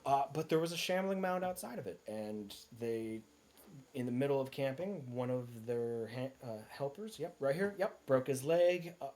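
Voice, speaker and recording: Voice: mid-range voice, animated, moderate pace, darkish tone. A game master narrating a tabletop game in a rambling way, with many fillers and asides.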